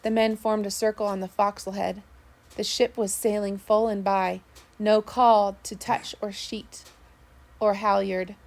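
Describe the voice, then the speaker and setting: A woman narrating a first-person sea story, steady with small slips. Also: mid-range voice, unhurried. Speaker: audiobook narrator.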